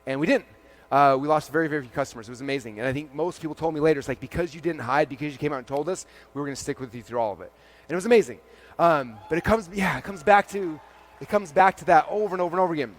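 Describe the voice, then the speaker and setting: A man in his forties giving an energetic keynote talk on a conference stage, acting out dialogue in quick quotes and peppering his speech with "like.". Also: a little high. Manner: animated, acts out dialogue in quick quotes, frequent "like". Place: large event stage before a live audience.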